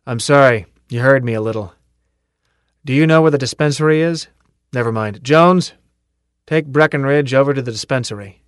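A man's voice: medium pitch, normal speed, dry recording, studio quality, natural voice. A man voicing a tough, cocky male drill sergeant who barks and taunts his recruits in an audiobook. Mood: gruff. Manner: barking, taunting commands.

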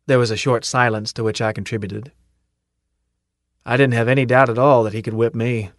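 Man, audiobook narrator, mid-pitched voice, measured first-person telling, dry close studio sound. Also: fairly even intonation, no echo.

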